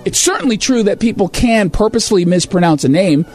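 A man's voice: high voice, expressive, fast talker, darkish tone, faint music behind. A man hosting a talk show, reading quotes and reacting with sarcastic, emphatic commentary.

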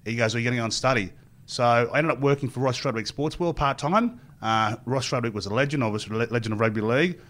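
A man's voice: medium pitch, fast talker, fairly bright tone. A middle-aged man with an Australian accent, a former rugby player telling long rambling stories as an interview guest and acting out what others said. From Queensland, Australia. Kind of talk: storytelling interview.

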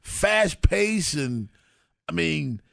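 A man's voice: fairly high pitch, very animated, very slow, vocal fry, dry recording, clean studio sound. A man co-hosting a sports radio show, talking casually and laughing often as he rambles.

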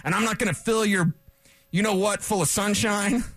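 Sports radio host, male, opinionated rant, high pitch, dry close studio sound. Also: moderate pace, dry recording. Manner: animated, opinionated ranting. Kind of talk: sports talk radio monologue.

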